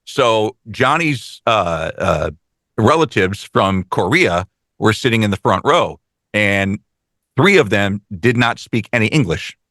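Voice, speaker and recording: A man co-hosting a casual talk show, telling stories fast with lots of quoted dialogue and some swearing. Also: fairly low pitch, expressive, a bit bright, no echo, clean studio sound. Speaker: podcast co-host. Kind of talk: casual chat.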